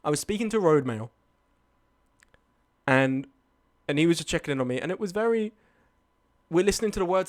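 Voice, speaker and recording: A man's voice: on the high side, lively intonation, brisk, pauses often. A young man telling a night-out story on a live stream, swearing and arguing back at his chat. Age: young adult.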